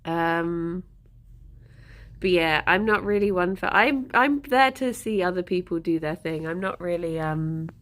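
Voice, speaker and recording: A woman's voice: fairly low pitch, measured pace, a bit bright. A woman hosting a casual livestream, chatting to viewers and cooing to her pets with frequent giggles. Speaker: livestream host.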